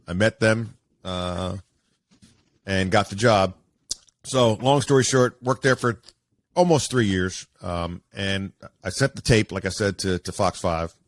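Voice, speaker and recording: Low-voiced man telling stories. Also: measured pace, no echo. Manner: animated, acts out quoted voices, many fillers. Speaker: guest, sportscaster. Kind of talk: casual storytelling interview.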